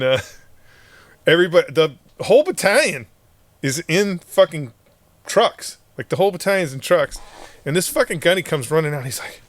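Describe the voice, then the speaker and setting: A man's voice: medium pitch, no room sound. A middle-aged man, a former Marine hosting a podcast, telling war stories in casual, profane talk, laughing often and acting out what others said. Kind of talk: casual storytelling.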